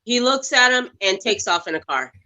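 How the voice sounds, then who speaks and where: A woman guest on a movie review podcast, retelling funny scenes in an animated way and acting out the lines. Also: on the high side, normal speed. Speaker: guest actress. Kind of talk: casual movie review chat.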